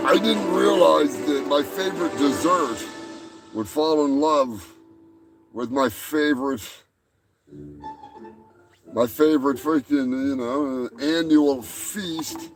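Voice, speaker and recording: A man's voice: on the high side, slow pace, pauses often, over music. A man hosting a comedy livestream, talking in a rambling, crude and profane way. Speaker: show host. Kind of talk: casual comedic livestream talk.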